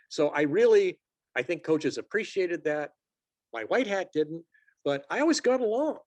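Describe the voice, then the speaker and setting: A man's voice: high voice, normal speed, no room sound. A man in his sixties, a sports officials assignor, telling stories as a guest in a casual interview and acting out quotes in a raised voice. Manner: lively storyteller who acts out quotes in a raised voice.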